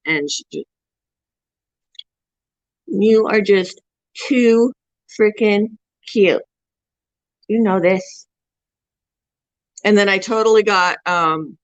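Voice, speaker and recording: A woman's voice: fairly low pitch, fairly bright tone, no echo, dull audio. A woman hosting a pet channel, chatting casually on a live stream and cooing to her small pets between remarks.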